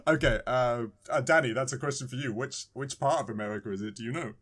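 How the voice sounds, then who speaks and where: A man's voice: mid-range voice, quick pace, a bit bright. Man, British accent, podcast co-host, casual teasing chat. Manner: jokey, chatty, teasing.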